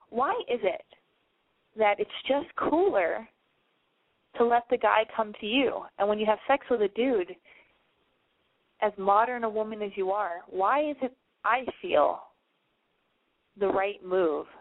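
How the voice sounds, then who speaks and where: A woman's voice: mid-range voice, takes it slowly, long pauses. A woman hosting a casual call-in advice radio show, chatty and frank, swearing freely. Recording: dry, phone-like narrow band.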